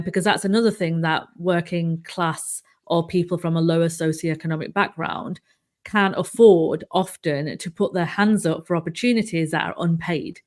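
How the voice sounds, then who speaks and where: A woman hosting a relaxed interview, talking in a fairly low voice with a mild northern English accent. Her delivery is loose and chatty, full of "you know"s and restarts. She comes through a video-call connection. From England, Manchester. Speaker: host. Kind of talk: casual interview chat.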